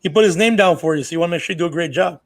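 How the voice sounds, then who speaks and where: A man with a fairly high voice talks shop on a comedy podcast. He reflects on acting and offers advice in a casual, conversational way. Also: rapid-fire, over a noisy crowd.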